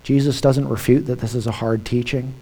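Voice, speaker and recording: A male pastor preaching a dramatic sermon, swinging from hushed lines to shouted ones. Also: mid-range voice, steady tone, fairly quick, in a large hall.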